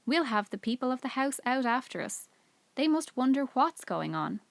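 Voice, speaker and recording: A woman's voice: high voice, very animated, moderate pace, creaky, no echo, voice pushed up, full character voice. Casting: a woman playing a bold, hot-headed tomboy girl for a read-aloud story. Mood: urgent.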